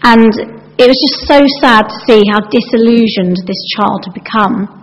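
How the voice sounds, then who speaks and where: A woman's voice: a little high, normal speed. A woman giving a sermon in a chatty, anecdotal way, acting out the lines she quotes. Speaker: preacher. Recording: dull sound with long hall reverb.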